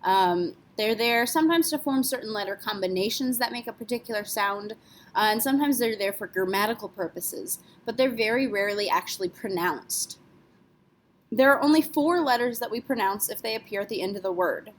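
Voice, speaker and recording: A woman's voice: fairly high pitch, expressive, a little fast, a little hiss or hum. A woman teaching French pronunciation in a patient lesson, spelling words out letter by letter. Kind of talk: classroom lesson explanation.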